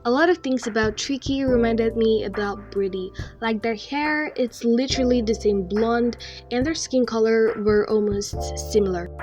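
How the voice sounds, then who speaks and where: A young woman giving a chatty, relaxed voice-over about her digital art. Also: fairly high pitch. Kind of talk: casual voice-over narration. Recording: faint music behind.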